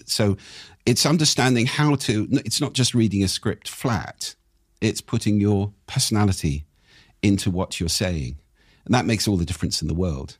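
Low husky-voiced older man, animated. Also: moderate pace, no room sound, clean studio sound. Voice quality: croaky. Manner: animated, swoops up and down in pitch. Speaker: speaking coach. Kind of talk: casual conversation.

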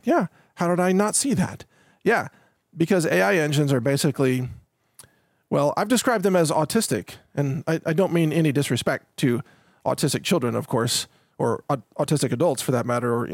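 A man's voice: on the high side, no echo. Rambling male podcast host, dry sound. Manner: rambling, self-interrupting with repeated words and restarts; chuckles between points. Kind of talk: casual solo podcast monologue.

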